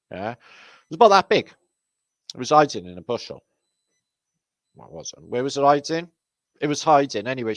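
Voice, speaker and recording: A British man hosts a casual livestream, reading out viewer comments while rambling, sardonic, and swearing constantly. His voice is mid-range, with no echo.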